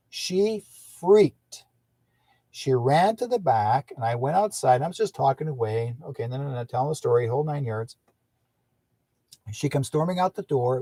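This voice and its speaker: Male radio host with a husky, dry voice; casual rambling monologue. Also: mid-range voice, dark tone, dry recording. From British Columbia, Canada. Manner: rambling, with restarts and acted-out quotes.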